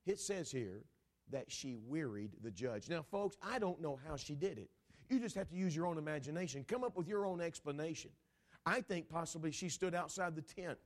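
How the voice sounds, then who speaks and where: A preacher addressing his congregation in an animated, dramatic sermon. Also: on the high side, moderate pace. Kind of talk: sermon storytelling.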